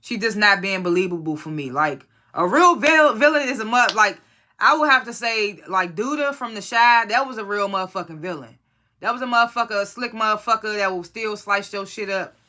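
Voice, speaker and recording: A blunt, foul-mouthed reviewer recaps a TV episode in casual chat, dropping loosely acted quotes from the characters. The voice is bright and forceful, and its pitch sits in a middling range. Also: a little fast. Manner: blunt, profane and opinionated; retells scenes, quoting characters in a loose conversational voice.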